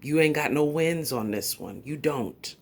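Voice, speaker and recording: Sassy low-voiced New York woman. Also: expressive, a little slow, darkish tone. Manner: sassy, confrontational, emphatic. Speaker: YouTube commentator. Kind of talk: livestream commentary rant.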